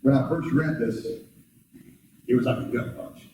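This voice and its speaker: A man preaching from a pulpit in a big, echoey church hall, his voice mellow and a little distant from the mic. He talks in a loose, conversational way, checks in with the congregation through rhetorical questions, and his voice leaps up when he plays out quoted voices. A faint hum of room noise sits behind him. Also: moderate pace. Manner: acts out quoted voices with sudden high pitch jumps. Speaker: pastor. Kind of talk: sermon. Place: church sanctuary.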